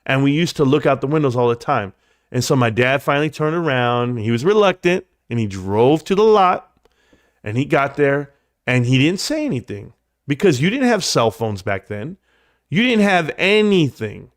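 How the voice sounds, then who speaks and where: At a normal speed, a livestream host rambles through a long casual story, shooting his pitch up to act out quotes and then dropping low into hushed asides. The recording is dry with clean studio sound.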